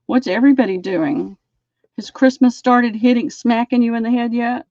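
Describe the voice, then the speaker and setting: A woman hosting a live-stream sale, chatting and describing lace items slowly. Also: a little high, steady tone, darkish tone, no room sound, dull audio.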